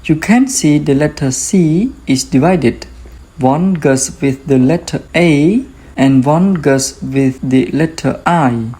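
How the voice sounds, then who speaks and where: Slow, careful language teacher. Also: medium pitch, warm tone, husky. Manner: slow and careful, repeats each example word twice. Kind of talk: beginner language lesson.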